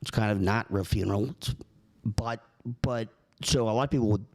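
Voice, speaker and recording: A man's voice: on the low side, normal speed, a little mellow. A man making a prank call, earnest and rambling, keeping a straight face. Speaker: prank caller.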